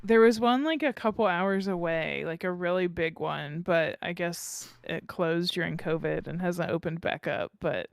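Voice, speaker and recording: A woman's voice: on the low side, normal speed, vocal fry, few pauses, no echo, clean studio sound. A woman co-hosting a podcast in casual chat, laughing often and reacting briefly. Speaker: podcast co-host.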